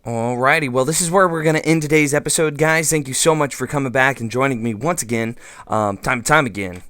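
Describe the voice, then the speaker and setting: A man's voice: medium pitch, brisk, a bit bright, clean tone. A man hosting a let's play, thinking aloud in casual gameplay commentary with lots of fillers and goofy asides.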